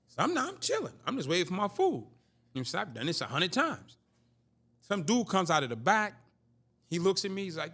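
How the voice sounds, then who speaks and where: A man's voice: high-pitched, a little fast. A man in his fifties telling a streetwise story in a casual interview, acting out the dialogue. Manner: animated, streetwise, acts out dialogue. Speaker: interview guest.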